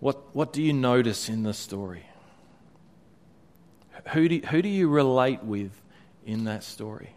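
A pastor leading a guided scripture meditation, speaking reflectively with many hesitant restarts. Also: male voice, medium pitch, lively intonation, unhurried, long pauses, a little mellow.

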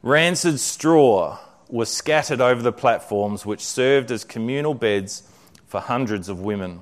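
A man's voice: mid-range voice, measured pace. A man preaching a sermon in a conversational way, then reading a story aloud. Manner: conversational, with frequent fillers and restarts.

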